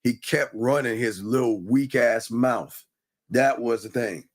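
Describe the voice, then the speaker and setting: A man's voice: mid-range voice, unhurried. A man co-hosting a live call-in stream, talking bluntly and animatedly, repeating his points. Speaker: livestream co-host. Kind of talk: casual live call-in chat.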